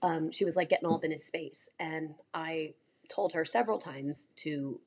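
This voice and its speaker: A woman's voice: deep voice, moderate pace, husky. A young adult woman co-hosting a casual podcast, telling stories bluntly and emphatically. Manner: animated storyteller, blunt and emphatic. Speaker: podcast co-host. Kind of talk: casual chat.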